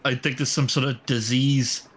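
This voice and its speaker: A man's voice: medium pitch, fairly even intonation, moderate pace, a bit bright. A man playing a tabletop game, talking casually and a little hesitantly. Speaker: player.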